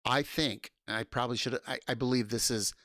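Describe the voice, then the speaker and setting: A man hosting a casual livestream, loud and excitable, swearing and laughing often. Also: mid-range voice, a little fast, no room sound, studio quality. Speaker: livestream host.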